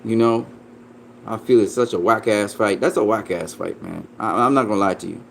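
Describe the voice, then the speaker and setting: A man's voice: on the low side, moderate pace, vocal fry, slight background noise. A man ranting about boxing in a reaction video, profane, combative and dismissive, repeating himself and laughing mockingly. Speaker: boxing commentator.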